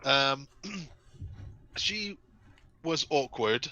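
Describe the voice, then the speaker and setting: A man's voice: mid-range voice, very slow, muffled recording. A man from the UK co-hosting a podcast, telling stories in casual chat and laughing often. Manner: animated storyteller, laughs often. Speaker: podcast co-host.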